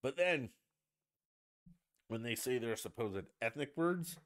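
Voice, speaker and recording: A man's voice: mid-range voice, expressive, slow pace. A man hosting a stream in a casual, blunt rant, swearing freely. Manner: profane, blunt, ranting. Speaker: livestream host. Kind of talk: casual ranting chat.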